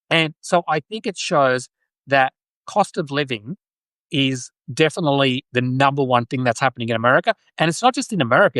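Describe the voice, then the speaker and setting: A man's voice: mid-range voice, fairly bright tone, no room sound. Chatty Australian man on a live stream. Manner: rambling, chatty, many restarts and fillers. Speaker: podcast host. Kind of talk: casual live-stream commentary.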